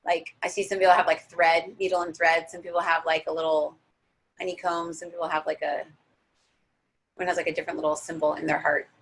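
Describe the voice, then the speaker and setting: A woman's voice: on the low side, level tone, fairly quick, rough recording. A young woman leading a guided visualization class in a casual, chatty way, full of filler words. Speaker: spiritual teacher leading a guided meditation.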